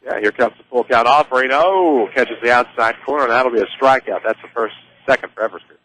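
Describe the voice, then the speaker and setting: A man calling play-by-play for a high school baseball game on local radio, easygoing and chatty. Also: fast, rough recording. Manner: easygoing, chatty, excited on big plays. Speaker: play-by-play announcer.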